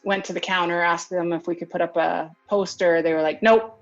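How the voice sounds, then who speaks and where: Interviewee, female, lower register, lively first-person retelling, muffled lo-fi recording. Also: fairly quick, soft background music. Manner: lively retelling, acts out other people's lines. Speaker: interviewee recounting events. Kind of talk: casual storytelling interview. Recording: dull lo-fi recording.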